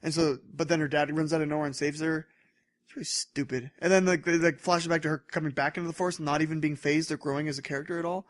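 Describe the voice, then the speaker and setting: A young man co-hosting a podcast, chatting casually and telling rambling, animated stories with frequent laughter. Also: fairly high pitch, quick pace, no room sound. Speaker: podcast co-host. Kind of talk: casual chat.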